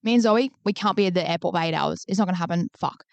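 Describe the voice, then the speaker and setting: A woman's voice: on the low side, fast talker, creaky, no echo, muffled recording. A young woman, co-hosting a podcast and telling a story in casual, swearing-heavy chat. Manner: animated storytelling, swears freely. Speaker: podcast co-host.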